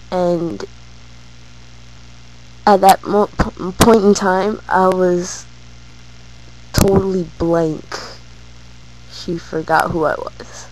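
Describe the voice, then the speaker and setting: A woman's voice: mid-range voice, steady tone, slow, pauses often, darkish tone, a little hiss or hum, low-quality recording. A woman vlogging, telling a personal story in a hesitant way with many fillers.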